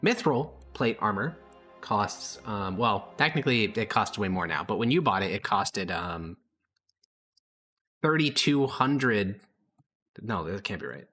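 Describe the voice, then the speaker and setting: A man's voice: lowish voice, expressive, unhurried, pushed and bright, slightly rough, faint music behind. A man running a tabletop game as game master, casual and joking, swearing and laughing often.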